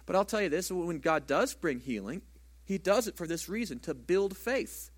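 Conversational pastor preaching, slightly high voice. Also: male voice, lively intonation, normal speed. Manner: conversational preaching with rhetorical questions. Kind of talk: sermon.

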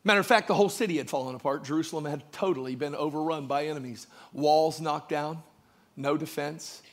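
A man preaching a sermon, joking with the congregation and building from quiet asides to shouted emphasis. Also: on the high side, brisk. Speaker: pastor.

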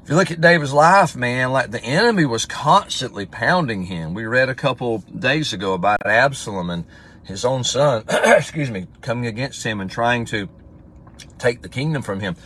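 A man's voice: mid-range voice, animated, moderate pace, fairly bright tone, slightly rough. A man giving a casual livestream devotional as pastor, talking in a conversational way and reading scripture aloud with emphasis.

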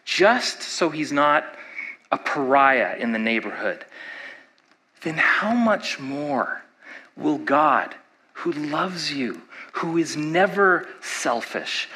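A man's voice: on the high side, sharp tone, rough recording. A male pastor preaching a sermon in a conversational way, asking his listeners rhetorical questions.

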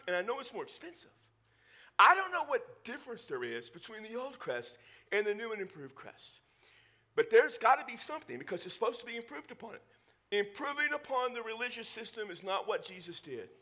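Animated, bright-voiced male preacher. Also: extremely high pitch, a little fast. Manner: animated, conversational preaching with joking asides. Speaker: pastor. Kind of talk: sermon. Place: church.

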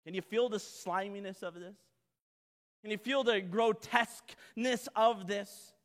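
A man pastor preaching a sermon dramatically, acting out voices and swinging from loud to soft. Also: high-pitched, unhurried, long reverb tail.

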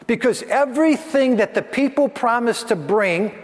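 A man's voice: very high voice, animated, normal speed, long reverb tail. A man preaching a sermon as pastor, earnest and building his points through repeated phrases.

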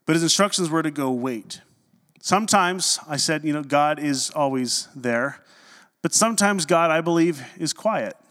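A man preaching a sermon as pastor in a conversational, animated way, with humorous asides. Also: fairly high pitch, big-room sound.

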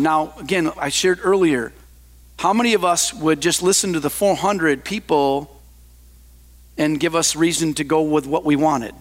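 A man preaching a sermon, reading scripture aloud and adding slow, emphatic asides to his congregation. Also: a little high, big-room sound.

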